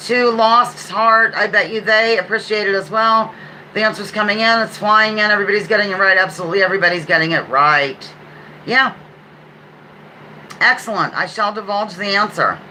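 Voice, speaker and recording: Bright-voiced woman hosting a live trivia stream. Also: mid-range voice, slight background noise, low-quality recording. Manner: chatty, playful asides, reads questions aloud. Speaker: livestream trivia host. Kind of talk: casual live-stream quiz chat.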